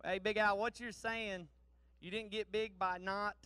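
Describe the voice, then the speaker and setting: A man's voice: high-pitched, little pitch movement, measured pace, sharp tone, smooth, no room sound. A man in his thirties from Missouri giving a folksy, joking speech to an audience at an awards ceremony. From Missouri, USA. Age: 30s. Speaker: guest speaker presenting awards.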